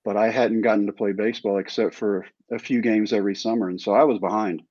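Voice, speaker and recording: A Texas man, a former pro baseball player, tells his own story as an interview guest with a wry, self-deprecating touch. His fairly low voice is quick, darkish and fairly even in intonation, captured in a dry, slightly dull recording with no room sound.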